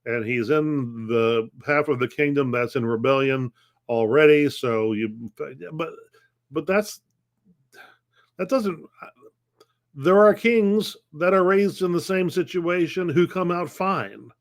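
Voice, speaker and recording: A man's voice: on the high side, takes it slowly. A middle-aged man pastor teaching a conversational Bible lesson, posing questions and answering them, often restarting phrases. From United States.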